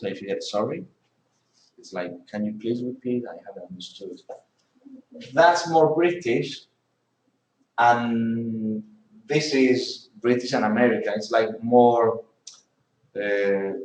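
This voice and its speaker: Slow-talking male English teacher, echoey room. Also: mid-range voice, a little mellow. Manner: models pronunciation by repeating words, questioning students. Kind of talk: classroom teaching. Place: classroom. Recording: echoey classroom.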